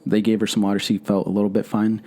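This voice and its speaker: A man's voice: on the low side, level tone, fast, mellow. A man co-hosting a podcast in casual chat, rambling and trailing off. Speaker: podcast co-host.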